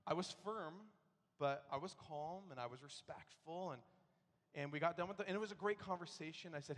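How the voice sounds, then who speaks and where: A male pastor preaching in a big church sanctuary, his voice pitched a little high for a man. He talks through a personal story in an easygoing, conversational way and now and then acts out his frustration in loud bursts. The sound rings out with a long hall reverb. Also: fairly quick. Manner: conversational storytelling, bursts into animated acted-out outrage. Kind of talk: sermon.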